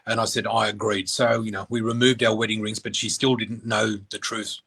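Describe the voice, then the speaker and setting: A man's voice: lowish voice, flat delivery, brisk, vocal fry, fairly bright tone, husky. A middle-aged man telling a personal story as an interview guest, candid and emotional, acting out the voices of people he quotes. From Australia.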